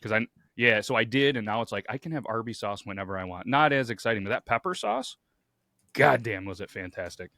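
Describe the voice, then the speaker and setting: A man's voice: fairly low pitch, expressive, fairly quick, pushed and bright, dry recording, studio quality. A man co-hosting a podcast, talking casually and easygoing about a sauce he likes. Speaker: podcast co-host.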